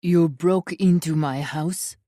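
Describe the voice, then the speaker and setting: A woman reading an audiobook, voicing a grim, protective man who speaks low and steady. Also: measured pace, dry recording, studio quality, natural voice. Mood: growling.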